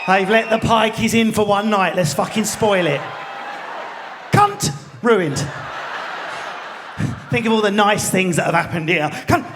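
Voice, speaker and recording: Brash sweary Essex comedian, high voice. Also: male voice, animated, unhurried, pauses often. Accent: Essex and London. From Enfield, England. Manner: brash, sweary, crowd-baiting. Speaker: stand-up comedian. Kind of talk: live stand-up comedy. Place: large theatre. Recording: live theatre with crowd noise.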